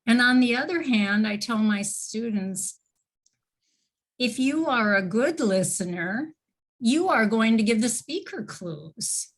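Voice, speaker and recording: Over a video call, a female teacher trainer delivers a live online lecture on teaching listening, explaining slowly with fillers and self-corrections. Her voice is on the high side and expressive.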